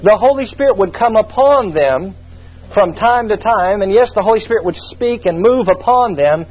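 Husky, high-voiced preacher. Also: male voice, lively intonation, normal speed. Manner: folksy, humorous Bible teaching with asides. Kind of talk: sermon. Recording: muffled lo-fi sermon recording.

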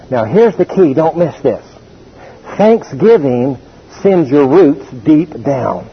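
A man's voice: a little high, breathy edge, dull audio. A man preaching a sermon with emphasis, telling the congregation to write things down and to repeat key words. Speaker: pastor.

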